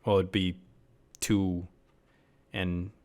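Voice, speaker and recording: A man's voice: deep voice, flat delivery, extremely slow, a little mellow. A man giving a casual reaction review of a TV episode, critical and puzzled, often reading out lines of dialogue. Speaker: TV series reviewer.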